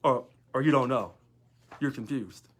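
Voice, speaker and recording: A man's voice: mid-range voice, measured pace, a bit bright. A man, a union local leader, talking in a sarcastic monologue full of rhetorical questions. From United States. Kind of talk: casual monologue video.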